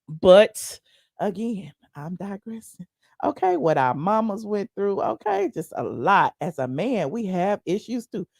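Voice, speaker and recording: A woman hosting a casual livestream, chatting to viewers in a sassy, animated, digressive way. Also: mid-range voice, a little slow, creaky, dry recording, clean studio sound. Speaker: livestream commentary host. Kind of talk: casual commentary reading viewer chat.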